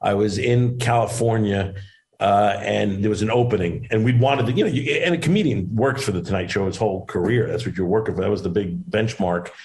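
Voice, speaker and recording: A middle-aged comedian and actor joins a casual interview over a video call, rambling through stories with plenty of restarts. His voice is fairly low and a little mellow, though the audio is poor.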